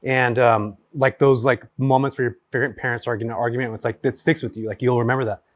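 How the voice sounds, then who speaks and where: A man in his forties from California, a guest telling stories at his home in a casual chat, rapid and full of fillers. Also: mid-range voice. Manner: rapid, animated storyteller with many fillers. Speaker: guest, real estate investor.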